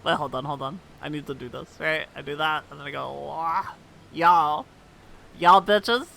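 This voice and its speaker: A woman's voice: sits low, fairly even intonation, fast, gravelly, sharp tone, a little hiss or hum. Playful young woman streamer. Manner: playful, swearing, laughing. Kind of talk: casual live gameplay chat.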